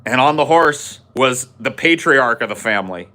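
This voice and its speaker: A man hosting a podcast, telling a funny story in an animated, profane way. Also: medium pitch, moderate pace. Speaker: podcast host. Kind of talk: comedic storytelling.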